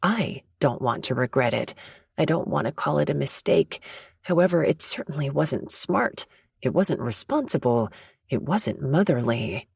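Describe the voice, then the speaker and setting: Woman reading a romance audiobook, soft and intimate, kinda gravelly, dry close sound. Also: deep voice, lively intonation, a little slow, no room sound. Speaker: audiobook narrator. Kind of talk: first-person romance audiobook narration.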